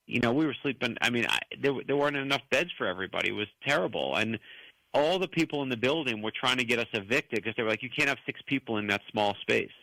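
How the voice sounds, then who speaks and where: An American man in his fifties, with a medium-pitched voice and some vocal fry, is heard in a low-quality recording without room sound. Appearing as an author guest, he tells stories in his interview answers and animatedly performs the voices he quotes.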